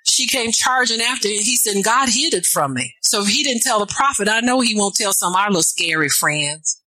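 Bright-voiced woman preaching a sermon. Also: medium pitch, lively intonation, brisk, no echo, poor audio. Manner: call-and-response asides, rising to shouts.

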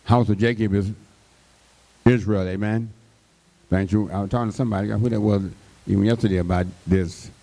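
A man's voice: fairly low pitch, fairly even intonation, fairly quick, creaky, pauses often, dark tone. A man preaching a sermon, drawing out his words and breaking in with frequent call-and-response interjections to the congregation.

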